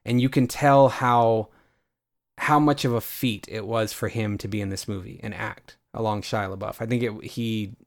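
Casting: low-pitched man, co-host ranking movies, hesitant, casual. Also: steady tone, moderate pace. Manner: hesitant, restarts often.

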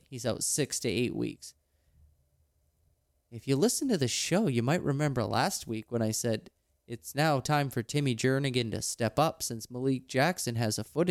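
A man's voice: medium pitch, creaky, dry recording, studio quality. A man hosting a casual sports podcast, joking and running through the news in an upbeat way. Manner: jokey, upbeat, talks through news quickly. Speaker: podcast host.

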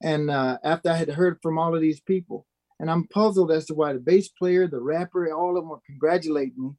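A man's voice: fairly high pitch, fairly quick, no room sound. A man from Minnesota, a guest musician, telling a story in an interview and acting out the voices of the people in it. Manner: animated, acts out quoted voices.

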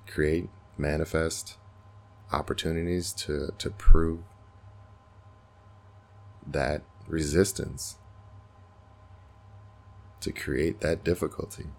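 A podcast host with an extremely deep, gravelly voice full of vocal fry muses earnestly and reflectively. It sounds like he's thinking aloud in a casual spiritual monologue.

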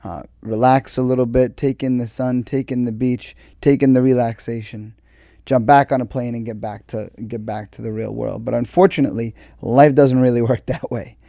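A man's voice: mid-range voice, steady tone, moderate pace, vocal fry, warm tone, no echo, studio quality. A man speaking earnestly in a conversational motivational monologue, drawing out key words for emphasis. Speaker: speaker sharing advice on exercise and mindset.

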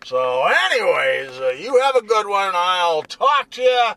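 A man's voice: high voice, animated, measured pace, creaky, sharp tone. A man rambling and joking irreverently in a casual monologue from his car. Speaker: vlogger. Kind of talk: casual monologue while driving.

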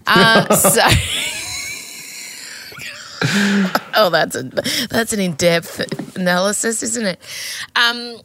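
A woman co-hosting a podcast in casual chat, animated and swearing freely, often mimicking people. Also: mid-range voice, takes it slowly, pauses often, a little hiss or hum. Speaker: podcast co-host.

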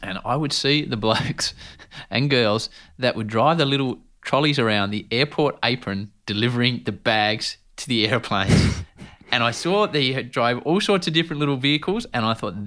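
Bright-voiced Australian man telling stories. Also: medium pitch, moderate pace. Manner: animated, laughing anecdotes, keeps saying mate. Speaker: guest, sports broadcaster. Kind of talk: casual storytelling chat.

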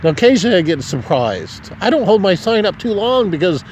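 A tipsy man from Nebraska, drinking, rambles and swears through a casual vlog monologue on a city street at night, chuckling as he goes. His voice is high, very animated, brisk and a little mellow, with slight hiss or hum in the recording.

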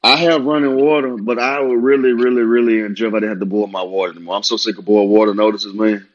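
A man's voice: lowish voice, fairly even intonation, quick pace, highs cut off. A man in a casual chat, laid-back and plainspoken.

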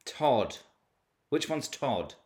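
A male podcast co-host in casual comedy chat. His pitch swings up and down a lot, and he laughs often as he jokes along. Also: very slow, a little hiss or hum. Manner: chatty, laughs often, lively intonation.

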